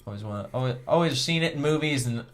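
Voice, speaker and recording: Dude rambling thru a story, swears a ton, laughs a lot, mid pitch. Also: male voice, lively intonation, quick pace. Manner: rambling, profane, laughing often. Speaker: podcast co-host. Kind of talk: casual storytelling among friends.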